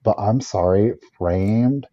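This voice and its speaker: A man's voice: lowish voice, takes it slowly, dark tone, lo-fi sound. A man hosting a live vintage sale, chatting enthusiastically as he shows items and runs the bidding. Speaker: live auction seller.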